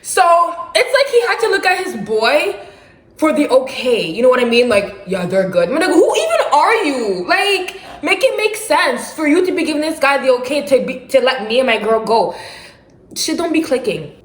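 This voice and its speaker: A young adult woman casually telling a dramatic personal story for her vlog, animated and slangy with bursts of laughter. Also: high-pitched, normal speed. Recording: roomy echo.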